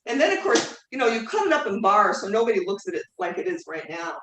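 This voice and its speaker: A woman's voice: mid-range voice, sing-song, fast talker, a bit bright. A woman teaching a live online cooking class from her kitchen, talking in a chatty, rambling way full of fillers and self-corrections. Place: home kitchen. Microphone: video call mic at a distance. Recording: echoey kitchen, distant mic, faint noise.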